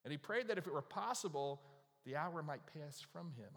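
A man's voice: on the high side, animated, normal speed, fairly bright tone. A male pastor preaching a sermon, retelling scripture in casual everyday speech. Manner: conversational preaching, paraphrasing scripture in everyday voices. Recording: long reverb of a large hall.

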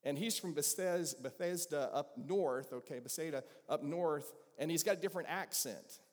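A man's voice: fairly high pitch, moderate pace. A man with a Southern accent preaching a conversational sermon as pastor, asking the congregation questions. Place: church sanctuary. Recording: long reverb of a large hall.

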